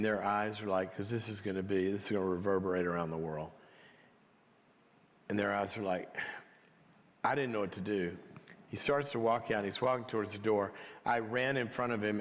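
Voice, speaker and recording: A man gives a teaching talk in a conversational storytelling way, his voice sitting somewhat low. He talks into a large hall that carries a long reverb behind him. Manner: conversational, drops to a near whisper for quiet moments.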